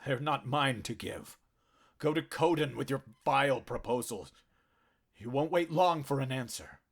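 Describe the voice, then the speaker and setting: A man's voice: on the low side, expressive, unhurried, slightly rough. A man voicing a frightened but defiant male hoofed herd officer in an audiobook, speaking in a tense, strained way. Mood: desperate defiance.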